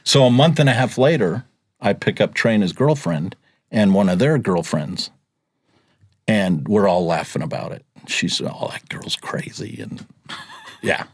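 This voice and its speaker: A man's voice: lowish voice, lively intonation, a little slow, pauses often, a little mellow, slightly rough, no echo, clean studio sound. A man, casually telling stories as a podcast guest and acting out what others said. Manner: chatty, laughs often, acts out quotes. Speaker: podcast guest, rideshare driver. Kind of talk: casual storytelling.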